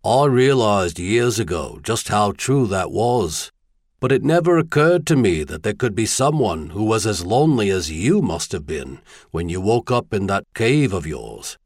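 Man voicing a small shrewd prince, wry, measured, dry sound, lively pitch. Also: no echo. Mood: gentle.

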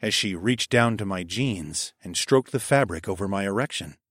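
A man narrating a first-person story in a steady, even reading voice on a close mic. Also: lowish voice, normal speed, no echo. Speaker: audiobook narrator.

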